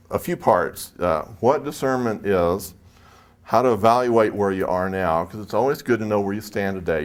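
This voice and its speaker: Acting out the dialogue as he goes, a fairly low-pitched man from San Jose, California tells a casual, anecdotal story to the audience at a spiritual expo where he's a speaker.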